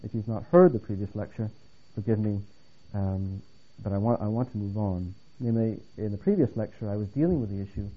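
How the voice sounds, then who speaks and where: A man giving a theology lecture in an earnest, emphatic way, with some restarts and dry humor. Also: mid-range voice. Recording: phone-like narrow band.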